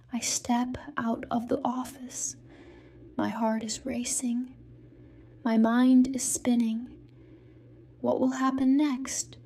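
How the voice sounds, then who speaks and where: Slow gravelly woman narrating a story. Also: a little high, dark tone. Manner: slow, clear reading for learners. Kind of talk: scripted first-person story narration.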